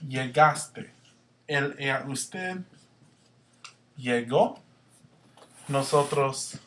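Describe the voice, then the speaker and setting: A man works through a grammar lesson, explaining each step in turn and pausing to ask "okay?". His voice sits a little high for a man. A faint hiss runs under the recording. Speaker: Spanish teacher.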